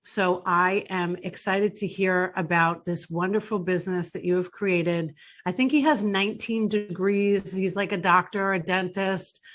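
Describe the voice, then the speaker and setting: A woman's voice: mid-range voice, fairly bright tone. A woman from Long Island with a Long Island accent, hosting an interview in a chatty, playful way that laughs easily. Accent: Long Island New York. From Long Island, New York. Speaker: podcast host. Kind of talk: casual interview chat.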